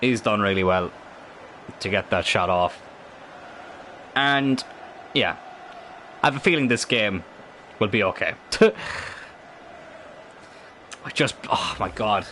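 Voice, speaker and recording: Bright-voiced game streamer. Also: male voice, on the low side, takes it slowly, pauses often, a little hiss or hum. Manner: excitable, swears at the game, rambling asides. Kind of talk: live gameplay commentary.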